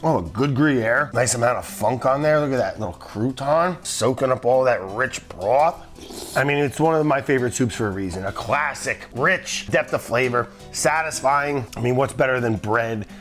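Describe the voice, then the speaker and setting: A man's voice: medium pitch, normal speed, a bit bright, soft background music. A middle-aged man hosting a casual cooking demonstration in a kitchen, enthusiastic and jokey, with the odd swear and asides to the crew. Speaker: cooking show host.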